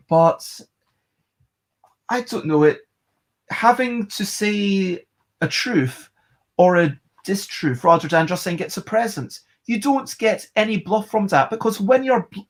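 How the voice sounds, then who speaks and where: A board game reviewer, giving a casual, rambling video review and thinking aloud. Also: mid-range voice.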